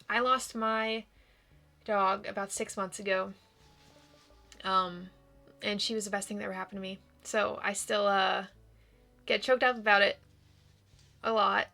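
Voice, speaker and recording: A woman's voice: mid-range voice, steady tone, takes it slowly, creaky, pauses often, bright, forceful tone, soft background music. A woman hosting a gaming video and giving casual commentary in a candid, emotional way, with hesitations.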